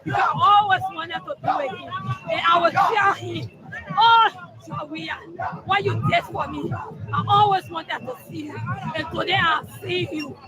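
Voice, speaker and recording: A woman's voice: very high voice, unhurried, rough recording. A woman interviewed on the street, speaking in a fervent, prayerful way that rises into calling out. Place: outdoors on a busy street. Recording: outdoor crowd and traffic noise.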